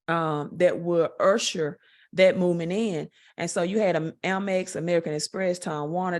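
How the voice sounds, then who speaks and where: A woman with a Southern US accent speaks in a low voice. She sounds direct and confident. She talks at an unhurried pace, with frequent fillers, as an interview guest. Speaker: guest, network marketer. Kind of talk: interview answers.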